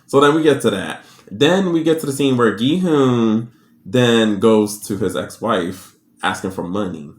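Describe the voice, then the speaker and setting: A man giving a casual, sassy recap of a drama episode, with slangy, animated storytelling. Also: medium pitch, measured pace, reverberant. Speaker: drama reviewer.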